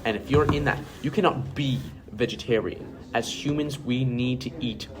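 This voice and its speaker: A man's voice: medium pitch, moderate pace, crowd noise, lightly acted. A man playing an arrogant macho male influencer in an amateur comedy skit, ranting bluntly and boastfully. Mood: smug.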